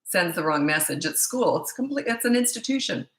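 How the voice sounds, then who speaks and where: A woman's voice: on the low side, expressive, brisk, roomy sound. A middle-aged woman parenting coach reading viewer questions and answering them in a blunt, opinionated, casual way.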